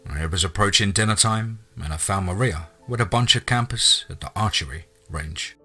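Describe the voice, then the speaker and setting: Husky male horror story narrator. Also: on the low side, normal speed, pushed and bright. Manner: casual, wry storytelling. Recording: faint music underneath.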